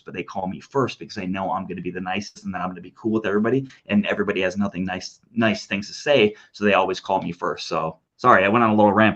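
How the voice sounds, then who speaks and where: A man, a podcast guest, telling a long story in a rambling, animated way, acting out other people's lines. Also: low-pitched, dull audio. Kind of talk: casual interview talk.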